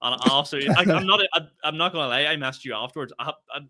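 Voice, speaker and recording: A young Northern Irish man telling a long, animated story on a casual podcast, cursing freely and laughing as he goes. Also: a little high, racing. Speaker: podcast co-host.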